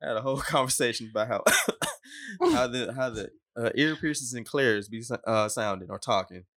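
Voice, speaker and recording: A man's voice: mid-range voice, fairly quick, a bit bright, no echo, studio quality. A man co-hosting a podcast in casual chat. He talks in a slangy, easygoing way and laughs often. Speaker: podcast co-host.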